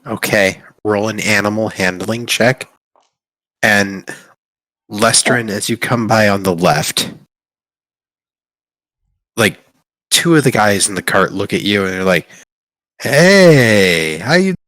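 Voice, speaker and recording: A man's voice: lowish voice, fairly even intonation, slow, long pauses, pushed and bright, dry recording. A man narrating as dungeon master for a tabletop game, rambling and playful as he describes the scene. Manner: loose, rambling narration with playful quoted voices.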